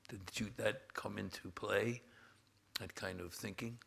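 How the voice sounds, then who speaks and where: Deep gravelly dude interviewing, thoughtful questions, kinda halting. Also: male voice, fairly even intonation, a bit bright. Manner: thoughtful, halting, drops to a near whisper.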